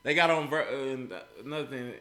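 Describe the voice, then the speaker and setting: A man's voice: mid-range voice, moderate pace, echoey room, crowd noise. A man co-hosting a podcast, talking in a blunt, profane, casual way. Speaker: podcast co-host. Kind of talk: casual chat.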